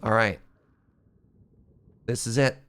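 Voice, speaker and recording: A man streaming a game, chatting casually and excitably with his viewers, his voice strained from shouting. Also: on the low side, slow. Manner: excitable, chatty, laughs often. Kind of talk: casual live-stream chat.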